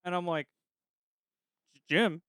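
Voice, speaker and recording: A man with a notably high voice, telling lively stories on a podcast and quoting what others said. He laughs often as he talks. The sound is dry and close. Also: slow pace, smooth, dry recording. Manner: animated storytelling, quotes others, laughs often. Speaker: podcast co-host. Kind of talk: casual chat.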